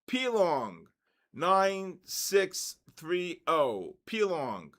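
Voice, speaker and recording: A man with a fairly high voice hosts a live online session, drawing giveaway numbers out loud. He talks in an unhurried way and bursts into excited exclamations. His chat is loose and casual, full of shout-outs. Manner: excitable, calls out numbers and names, exclaims loudly. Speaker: livestream host running a giveaway.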